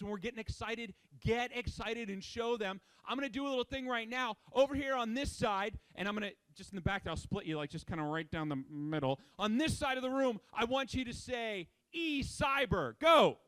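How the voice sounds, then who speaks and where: Hype man with a very high voice, dry close sound, energetic crowd warm-up host. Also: moderate pace, hardly any pauses, smooth, no echo. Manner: energetic, shouting commands to a crowd.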